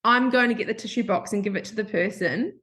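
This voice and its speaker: A woman's voice: mid-range voice, fast talker, a bit bright. A woman hosting a podcast, telling a candid personal story in a chatty, emotional way and acting out what people said. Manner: chatty and emotional, acts out quoted voices. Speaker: podcast host.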